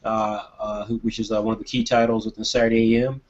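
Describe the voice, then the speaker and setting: A man's voice: fairly low pitch, little pitch movement, fast. A man hosting a live online Q&A over a video call, making rambling announcements with filler sounds. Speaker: host. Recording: dull lo-fi call audio.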